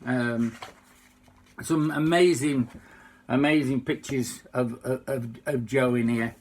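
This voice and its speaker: A man with a Yorkshire accent, unwell, chatting to fans in a halting, heartfelt way. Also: medium pitch, fairly even intonation, a little mellow. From Yorkshire, England. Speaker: singer and tribute impersonator. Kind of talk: casual fan video chat.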